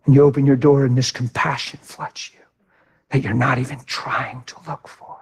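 A middle-aged man preaching a sermon with impassioned delivery, swinging from hushed to loud. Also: medium pitch, little pitch movement, normal speed. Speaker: pastor.

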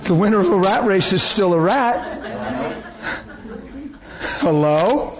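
Man preaching an animated sermon. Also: high voice, moderate pace, crowd noise, poor audio. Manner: animated storytelling, acts out quoted voices. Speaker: pastor.

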